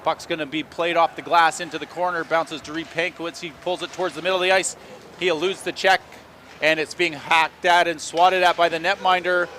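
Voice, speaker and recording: Guy doing a hockey play-by-play, bright sharp voice, fast running call, dry jokes in between. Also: on the high side, little pitch movement, a little hiss or hum. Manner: rapid running call, dry joking asides. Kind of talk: play-by-play sports commentary.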